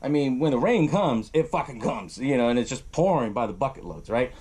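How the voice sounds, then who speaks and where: A man hosting a podcast, recapping a film in a casual, profane, animated way and laughing often. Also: medium pitch, normal speed, slightly rough. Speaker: podcast host.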